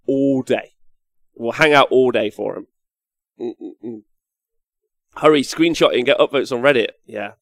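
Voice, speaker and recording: A young man chats on a casual live stream as he paints, reading chat messages aloud and getting loudly excited. His voice has a gravelly edge. The sound is close and dry, with no room around it. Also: mid-range voice, a little slow, pauses often, dry recording. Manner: excitable, swears, reads out chat comments. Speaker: livestream host.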